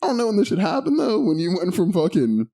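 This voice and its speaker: Animated young man ranting on a podcast. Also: high voice, fast talker, creaky. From Pittsburgh area. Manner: animated, swearing, laughing often. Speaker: podcast co-host. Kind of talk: casual chat.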